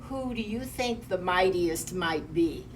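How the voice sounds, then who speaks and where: Woman reading a picture book slowly aloud. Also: on the low side, lively intonation. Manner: gentle, pointing out pictures. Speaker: storyteller. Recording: distant mic, faint room hum.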